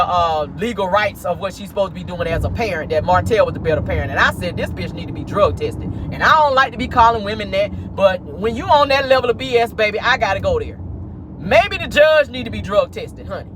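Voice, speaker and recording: A woman streaming celebrity gossip from her car, sassy and animated, calling her viewers honey and child. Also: mid-range voice, a little hiss or hum. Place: inside a car.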